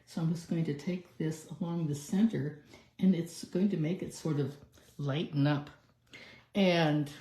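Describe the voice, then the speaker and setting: A woman leads a live card-making demonstration, chatting through each step as she works. Her voice sits low and mellow. The sound carries the echo of a roomy space. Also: a little hiss or hum. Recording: echoey room.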